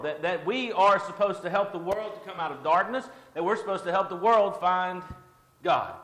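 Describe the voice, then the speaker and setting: High-voiced man giving a joking church devotional. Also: bright, forceful tone. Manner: conversational, joking, self-deprecating. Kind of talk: informal devotional talk. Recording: echoey hall with long reverb.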